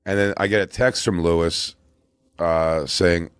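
A man co-hosting a casual comedy chat, joking and cutting in with quick punchlines. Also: deep voice, steady tone, clean tone, no room sound, clean studio sound.

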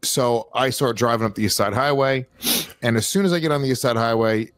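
A man with a mid-range voice, recorded dry and close, tells profane, lively stories in a loose chat among comedians. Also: medium pitch, a little fast, dry recording. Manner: storytelling, profane, animated asides. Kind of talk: casual chat.

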